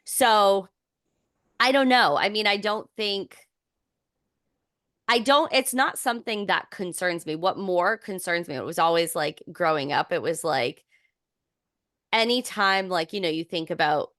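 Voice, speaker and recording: A woman's voice: mid-range voice, measured pace, long pauses, no echo, studio quality. A young woman co-hosting a podcast, talking in a casual, rambling way with lots of fillers and restarts. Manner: chatty, filler-heavy, many restarts, animated when amused. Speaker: podcast co-host. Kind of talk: casual chat.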